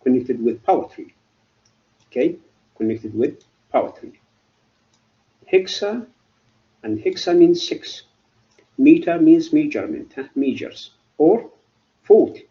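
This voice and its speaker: Halting male lecturer, mellow lo-fi sound. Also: a little high, animated. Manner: halting, asks and answers his own questions. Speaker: literature professor. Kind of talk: university lecture.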